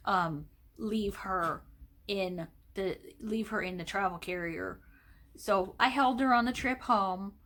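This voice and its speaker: A woman vlogger telling a personal story in a slow, emotional, rambling way, with many fillers and restarts. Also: medium pitch, fairly bright tone.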